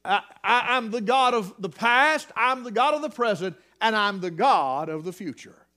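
A man preaching a sermon, swinging between hushed near-whispers and shouted emphasis. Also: high-pitched, expressive, moderate pace.

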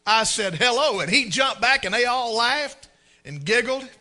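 Bright-voiced preacher man. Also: very high-pitched, measured pace. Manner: folksy, animated storyteller who acts out scenes. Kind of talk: storytelling sermon.

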